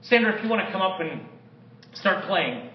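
High-voiced preacher in an echoey hall. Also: male voice, animated, normal speed, slight background noise. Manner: impassioned preaching, swinging from loud declarations to hushed prayer. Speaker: pastor. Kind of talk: sermon. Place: church sanctuary. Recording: echoey distant room, dull lo-fi sound.

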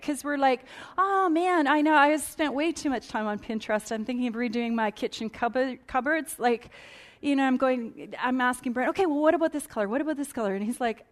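A woman with a fairly high voice speaks from a conference stage, teaching in an earnest, chatty way. She restarts her sentences often and drifts into friendly asides to the audience. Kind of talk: conversational teaching talk.

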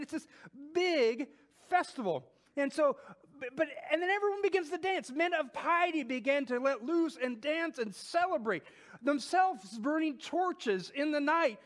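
A man with a fairly high voice preaches a sermon. He talks conversationally and keeps going with fillers and restarts. When he reads scripture he slows down and gives the words weight. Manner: animated, with quoted scripture spoken slowly. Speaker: pastor.

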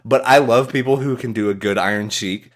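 A man co-hosting a podcast in casual chat, excitable, laughing often and swearing. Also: medium pitch, a little fast. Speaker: podcast co-host.

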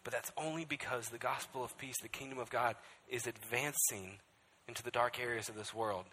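A man's voice: mid-range voice, fairly even intonation, fairly quick, pushed and bright, slight background noise. A male pastor preaching a sermon with emphasis, often checking in with the crowd by asking "right?". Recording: echoey hall.

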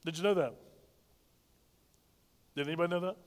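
A man's voice: a little high, brisk, long reverb tail. A male pastor preaching a sermon, calling on the congregation to repeat lines after him. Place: church sanctuary.

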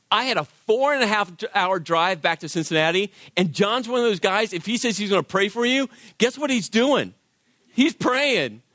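High-voiced man telling a sermon story. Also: no echo, clean studio sound. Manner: animated, acts out quoted voices. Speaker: worship leader.

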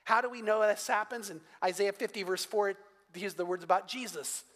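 In a church sanctuary thick with long hall reverb, an older pastor delivers a sermon in a relaxed storytelling way, slipping in bits of humor. He speaks briskly in a high-pitched, fairly bright voice.

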